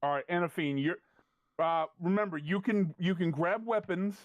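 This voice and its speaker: A man narrating as game master, talking in halting bursts and often repeating his words. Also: sits high, no room sound, narrow, tinny audio.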